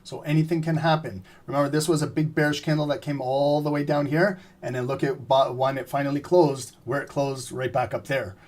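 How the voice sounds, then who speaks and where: A man giving live trading commentary, explaining steadily and often clearing his throat as he says he is losing his voice. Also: mid-range voice, brisk, hardly any pauses. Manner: steady explanatory, repeats "remember" and "right?". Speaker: trading streamer.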